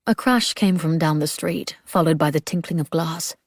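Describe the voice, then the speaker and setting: A woman narrating an audiobook in a measured, steady storytelling manner. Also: low-pitched, no echo, studio quality. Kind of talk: scripted narration.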